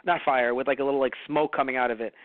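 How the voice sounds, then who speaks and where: A man's voice: mid-range voice, steady tone, racing, no room sound. Male podcast co-host, rambling casual talker, dry tinny recording. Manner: rambling, many fillers and curses. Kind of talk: casual review chat.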